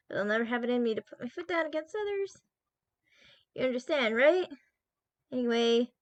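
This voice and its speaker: Woman reads a soft, apologetic schoolgirl club president from a game, high-pitched, quietly spoken. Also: dry recording, dull audio.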